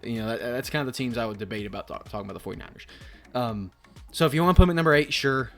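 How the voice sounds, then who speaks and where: A young man hosting a casual sports ranking video, rambling and swearing as he swings from mumbles to loud outbursts. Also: mid-range voice, rapid-fire, faint music behind. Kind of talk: casual commentary vlog.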